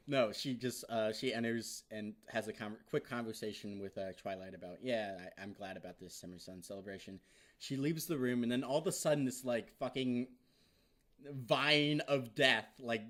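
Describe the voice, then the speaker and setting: A man excitedly recapping a TV episode in a casual, rambling way, swearing often and leaning on filler words. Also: medium pitch. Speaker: vlogger reviewing an episode.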